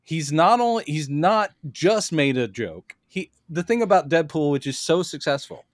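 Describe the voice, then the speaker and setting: Animated man in casual podcast chat. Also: normal speed, no echo, clean studio sound. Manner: animated, acts out quotes in high put-on voices. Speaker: podcast co-host.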